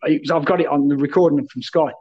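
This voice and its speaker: A man's voice: fairly high pitch, fairly even intonation, fast, highs cut off. A man telling rowdy, sweary football stories in casual chat, addressing the host by name again and again. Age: 30s then, now older. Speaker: guest, former footballer.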